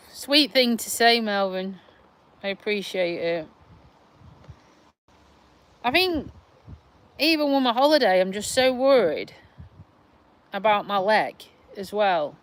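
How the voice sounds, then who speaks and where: A woman's voice: mid-range voice, lively intonation. A middle-aged woman from Lincolnshire with a South Yorkshire twang, chatting casually on a livestream from her back garden, rambling and sighing as she answers viewers. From Lincolnshire, England. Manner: slow, rambling, sighing, talks to viewers' comments. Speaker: vlogger on a livestream.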